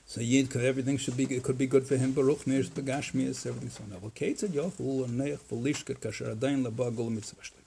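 A man, a rabbi teaching a Torah class, talking in an animated way, mixing in Hebrew and Yiddish quotes and voicing objections with sarcasm. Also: medium pitch, fast, gravelly, hardly any pauses, a little hiss or hum.

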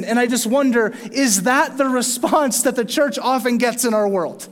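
A male pastor delivers a sermon with animated, rising emphasis and playful asides. His voice sits high for a man. It rings out in a church sanctuary with a long reverb tail. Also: normal speed, hardly any pauses.

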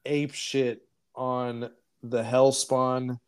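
A man co-hosting a podcast, recapping a film in a rambling, profane, animated way. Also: mid-range voice, extremely slow, smooth. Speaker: podcast co-host. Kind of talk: casual movie review chat.

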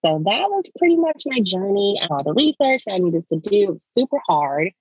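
A woman's voice: medium pitch, very animated, brisk, slightly rough, highs cut off. A woman from Maryland as a podcast guest, telling her story conversationally. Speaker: podcast guest, breastfeeding specialist. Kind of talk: casual interview.

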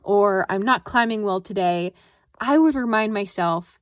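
A woman's voice: a little high, normal speed, no echo, studio quality. Chatty woman coach telling a story. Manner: chatty, animated, lots of fillers and self-quoting. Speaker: perfectionism coach and podcast host. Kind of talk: solo podcast storytelling.

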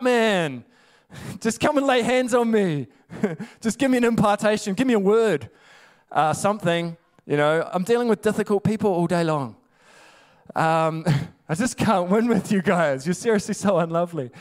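Man voicing a weary, snarky Jesus parody, high-pitched, put-upon. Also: moderate pace, natural voice. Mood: exasperated. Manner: sarcastic, fed-up grumbling.

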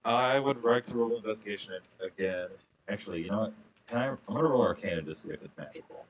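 A man's voice: lowish voice, fast, highs cut off. A man playing a tabletop game, asking short, matter-of-fact questions as his character investigates. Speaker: player.

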